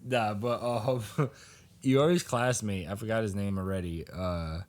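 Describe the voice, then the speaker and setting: A man's voice: fairly low pitch, a little slow, a little mellow. A man co-hosting a podcast, casually recapping a comic, rambling and laughing often as he acts out lines. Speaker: podcast co-host.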